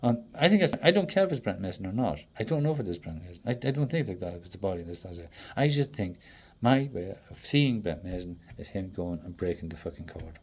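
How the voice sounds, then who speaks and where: Husky low-voiced man rambling. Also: big pitch swings, quick pace, few pauses. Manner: profane, rambling, swings between loud outbursts and muttering. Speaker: traveling performer. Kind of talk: rambling monologue.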